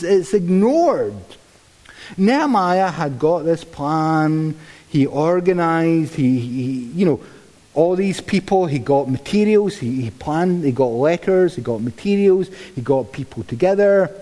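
Lively male preacher in a hall. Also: sits high. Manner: lively, conversational, repeats words, dry humour. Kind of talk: sermon.

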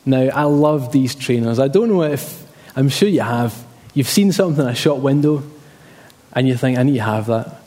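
A man's voice: medium pitch, animated, moderate pace, warm tone, long reverb tail. A man preaching a sermon emphatically, repeating key phrases and telling personal stories.

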